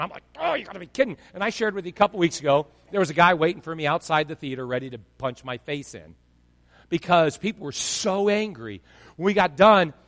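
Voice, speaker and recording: A male pastor preaches a sermon as animated storytelling, swinging from loud bursts to hushed asides. His voice sits high, and the sound is that of a big room.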